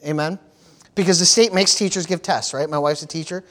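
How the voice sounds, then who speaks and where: High-voiced man preaching with fervor. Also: fairly even intonation, brisk, a bit bright. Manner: preachy call-and-response, repeats phrases for emphasis. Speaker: pastor. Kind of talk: sermon.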